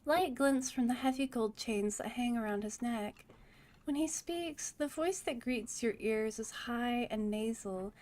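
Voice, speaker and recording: A woman streaming a cyberpunk role-playing game, reading the narration aloud and tossing in casual remarks. Her voice sits a little high. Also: unhurried, darkish tone. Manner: casual, chatty asides between read narration.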